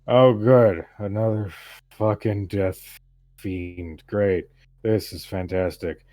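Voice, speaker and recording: A man doing a loud, foul-mouthed drunk. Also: lowish voice, unhurried, close to an everyday voice. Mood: hostile. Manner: slurred, crude, shouting. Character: belligerent drunk human man, swearing.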